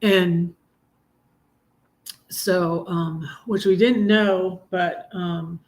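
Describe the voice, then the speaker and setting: A middle-aged woman hosting a live stream, chatting casually and reading her own poems in a halting, heartfelt way with many ums and restarts. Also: on the low side, fairly even intonation. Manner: halting, full of ums and restarts, soft laughs; heartfelt, gets emotional while reading. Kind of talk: casual livestream chat and poetry reading.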